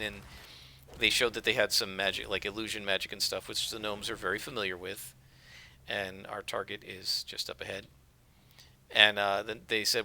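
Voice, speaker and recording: A man rambles casually over his gameplay, and his voice is strikingly bright and forceful. He sits a little low in pitch and talks on freely, full of fillers. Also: flat delivery, normal speed, a little hiss or hum. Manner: rambling, conversational, with frequent fillers. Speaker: let's play gamer. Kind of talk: casual game commentary.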